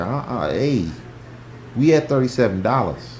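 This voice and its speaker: Brief: male host, heated casual market talk, lively swooping delivery, cursing freely, recorded in an echoey room. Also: mid-range voice, normal speed, slight background noise. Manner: animated, profane, swings from loud to hushed. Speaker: stock talk show host. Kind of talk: heated casual stock chat.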